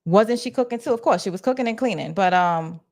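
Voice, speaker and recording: An expressive New York woman with a medium-pitched, darkish voice livestreams from her office, speaking a little fast in her New York accent. She chats casually with her viewers, addressing her chat amid restarts and fillers.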